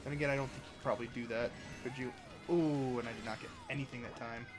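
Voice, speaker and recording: A man hosting a live racing game stream, chatty and excitable, talking to chat and to his cat at home. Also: fast, music in the background. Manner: excitable, chatty, bursts into high-pitched baby talk with his cat. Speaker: livestream host. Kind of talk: live gameplay commentary.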